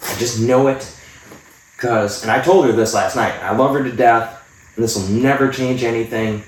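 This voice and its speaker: A man's voice: medium pitch, moderate pace, a little hiss or hum. A man telling blunt, profane stories as a podcast co-host in casual chat. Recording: echoey room, distant mic.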